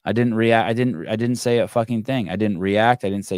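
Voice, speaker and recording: A man's voice: lowish voice, quick pace, a little mellow, dry recording, clean studio sound. A man in his forties hosting a call-in podcast, telling blunt, profane stories in casual chat. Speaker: podcast host.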